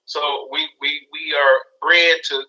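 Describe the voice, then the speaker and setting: High, bright-voiced man in his forties. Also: slow pace, muffled recording. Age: 40s. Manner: animated storyteller, acts out his own past reactions. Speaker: guest speaker. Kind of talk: casual talk show chat.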